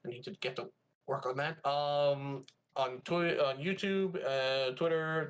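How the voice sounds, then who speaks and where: A man's voice: a little high, unhurried. A man co-hosting a casual gaming podcast, talking loosely and rambling with lots of "uh"s while he has the hiccups. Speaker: podcast co-host and VTuber streamer. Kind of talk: casual chat.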